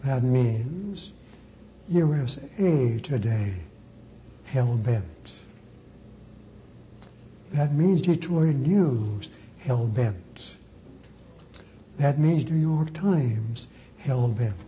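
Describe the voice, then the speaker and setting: A man, a priest, preaching a sermon with slow, emphatic repetition. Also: mid-range voice, lively intonation, warm tone, highs cut off, a little hiss or hum.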